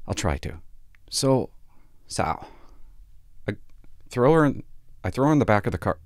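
Crude sardonic comic. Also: male voice, mid-range voice, very animated, unhurried, pauses often, dry recording, studio quality. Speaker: stand-up comedian and police officer. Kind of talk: stand-up set.

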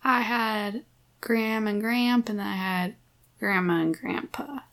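A woman's voice: medium pitch, slow, a bit bright. A woman co-hosting a casual book-discussion podcast, chatting easily and laughing often. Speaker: podcast co-host.

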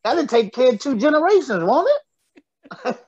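A man's voice: extremely high pitch, very animated, moderate pace, a little mellow, husky, no echo, lo-fi sound. A middle-aged man, a comedian guest telling stories with frequent laughs. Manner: laughs often, loose storytelling delivery. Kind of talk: joking radio interview chat.

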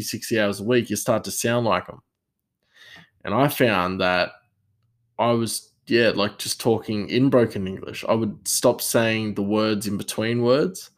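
A man with an Australian accent who works in a kitchen, chatting casually in a rambling, sarcastic way with lots of fillers. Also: fairly low pitch. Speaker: kitchen worker. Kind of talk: casual storytelling chat.

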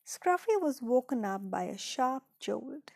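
A woman reading a children's story aloud in a gentle, unhurried way, dropping into soft whispered asides. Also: high-pitched, big pitch swings, gravelly, dry recording.

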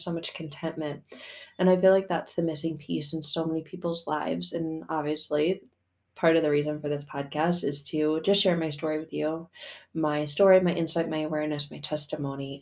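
A woman's voice: lowish voice, darkish tone. A middle-aged woman hosting a casual faith podcast, talking animatedly and slipping into playful quoted voices. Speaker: podcast host.

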